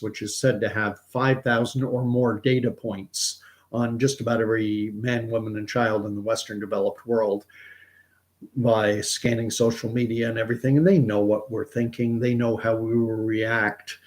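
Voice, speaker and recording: A man's voice: medium pitch, darkish tone. Rambling man hosting a livestream. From Canada. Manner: rambling, conversational, reads out viewer comments. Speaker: host of a commentary livestream. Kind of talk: casual livestream commentary.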